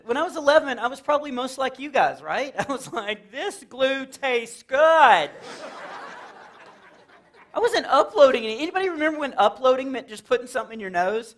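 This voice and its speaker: A middle-aged man from Texas doing live Christian stand-up in a church, telling stories with lively acted-out quotes. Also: extremely high pitch. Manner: animated storytelling with acted-out quotes and laughs. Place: church hall with a live audience.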